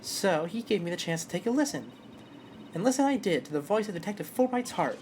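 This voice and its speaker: Brief: a woman playing a young female lawyer, brisk and lively, upbeat drive. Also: fairly low pitch, a little hiss or hum, close to an everyday voice. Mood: explaining. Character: energetic young woman defense attorney.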